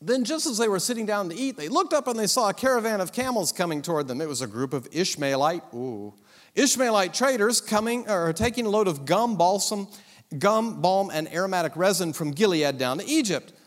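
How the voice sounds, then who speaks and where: Preacher, high animated voice, wry storyteller, church hall reverb. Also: male voice, a little fast. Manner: humorous, dramatic storytelling. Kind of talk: sermon.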